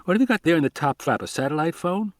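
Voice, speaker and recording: A man's voice: fairly high pitch, expressive, fast, no echo, clean studio sound, voice pushed up, natural voice. A man reading an audiobook, voicing a talkative, placating male field researcher. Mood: chatty.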